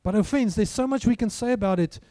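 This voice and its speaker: A man preaching with a high, strikingly mellow voice. He talks to his congregation in an easy, conversational way and keeps asking them questions. The sound is dry and close. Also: fast, no echo. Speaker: pastor. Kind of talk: sermon.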